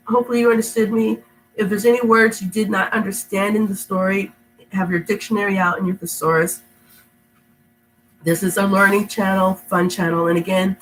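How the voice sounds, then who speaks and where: A woman's voice: mid-range voice, rough recording. Sick-sounding woman reading stories to kids. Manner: rambling, affectionate, laughs often. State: sick, stuffy voice. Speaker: storytime reader. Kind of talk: reading aloud to kids, then casual chat. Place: home indoors.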